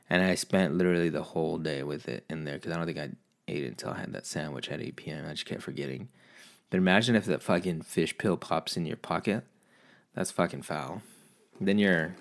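A man casually vlogging from home, a profane, animated storyteller who rants about his day. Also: low voice, brisk, vocal fry. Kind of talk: casual rambling monologue.

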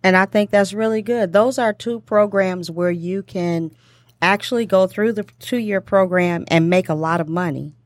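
A woman's voice: medium pitch, moderate pace, no room sound, studio quality. A woman hosting a casual talk show, chatty and encouraging, laughing often as she brings in her guests. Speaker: host.

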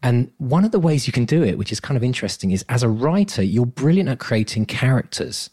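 A man's voice: mid-range voice, very animated, fairly quick, darkish tone, slightly rough. A man co-hosting a podcast as a coach, talking in an earnest, motivational way and laughing often. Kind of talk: casual chat.

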